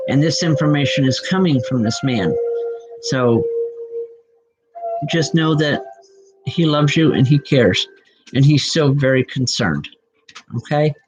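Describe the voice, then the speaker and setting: A woman working as a psychic medium, giving live spirit readings in a reassuring way, often breaking into soft laughter. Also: very deep voice, lively intonation, measured pace, long pauses, lo-fi sound, faint music behind.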